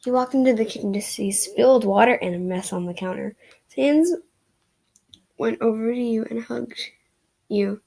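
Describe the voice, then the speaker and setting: A woman's voice: on the high side, moderate pace, gravelly, pauses often, mellow, rough recording. A woman reading a romance fan story aloud in a casual way, sometimes stumbling over words. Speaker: reader of fan fiction.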